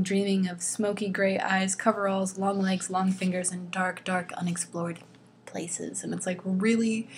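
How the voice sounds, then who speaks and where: Woman vlogger, mid-pitched voice, sarcastic book commentary with eye-rolling asides. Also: a little mellow, slight background noise. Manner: exasperated, eye-rolling, drops into whispers. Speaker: vlogger reading a novel aloud.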